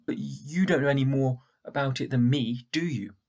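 A man voicing a sharp, stubborn young girl in a storybook reading, in a husky, raised voice. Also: mid-range voice, normal speed. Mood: firm, reasoning. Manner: raised, insistent questioning.

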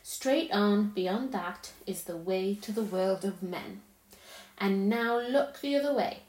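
Honeyed, scheming storybook queen, put on by a woman reading aloud, her coaxing lilts rising high and sweet before turning commanding. Medium pitch for a woman, with a roomy echo around the voice. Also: slow pace, darkish tone, natural voice.

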